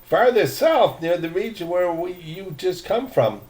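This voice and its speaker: A stubborn, curious young explorer in a storybook reading, as an older man reads him. He presses his point insistently, his slightly high voice swinging widely in pitch. The pace stays unhurried. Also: big pitch swings, darkish tone. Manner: stubborn, inquisitive.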